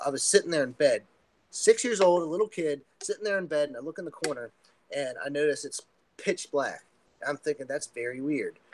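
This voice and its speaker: A man's voice: medium pitch, low-quality recording. A man speaking as a podcast guest, telling a personal story in an earnest, rambling way with many fillers and restarts. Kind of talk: casual storytelling.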